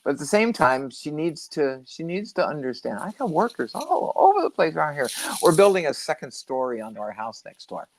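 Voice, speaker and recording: Expressive middle-aged woman, lively pitch. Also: a little fast, hardly any pauses, a little hiss or hum. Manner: rambling, expressive, lively storyteller. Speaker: host. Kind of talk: casual chat on a livestream. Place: home.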